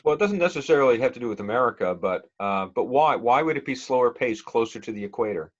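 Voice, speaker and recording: A middle-aged man teaching a speech class, talking in a relaxed conversational way with many fillers and questions to the students. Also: medium pitch, fast. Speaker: college speech instructor. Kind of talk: classroom lecture. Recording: dull lo-fi classroom recording.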